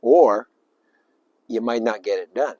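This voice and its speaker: A man giving an informal spiritual talk, rambling and emphatic, with sudden loud bursts and little acted-out voices. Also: mid-range voice, takes it slowly, no echo, highs cut off. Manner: acts out little voices and sounds. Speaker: spiritual speaker.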